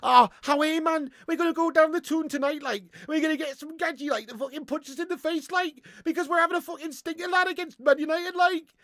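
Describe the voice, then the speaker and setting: A man's voice: very high-pitched, a little fast, few pauses, a bit bright, dry recording, clean studio sound, pitched above the performer's own voice. A man putting on a weak Geordie accent as a boisterous, swearing football fan. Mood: rowdy. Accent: Geordie, put on badly. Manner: boisterous, sweary, ends lines with "like".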